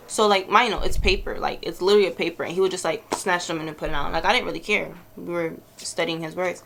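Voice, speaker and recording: Young new woman ranting in a storytime vlog, quick and kinda low, cusses a lot. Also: creaky, a bit bright, a little hiss or hum. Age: early 20s. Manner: blunt, exasperated, swears freely. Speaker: vlogger.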